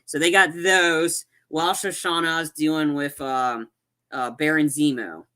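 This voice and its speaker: Casual podcast co-host, male, tense bright tone, slightly high, rambles and backtracks with plenty of fillers. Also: steady tone, unhurried, clean tone. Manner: rambling, many fillers and restarts. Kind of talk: casual movie chat.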